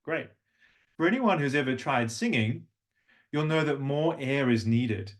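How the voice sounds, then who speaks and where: A middle-aged man with a slight Australian accent leads a voice workshop as a language coach. His pitch sits in the middle range, and he talks in an encouraging, demonstrative teaching manner, often stopping to show a phrase the way he wants it said. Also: lively intonation, unhurried. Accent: neutral, slight Australian. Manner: demonstrative, warm teacher who sings examples.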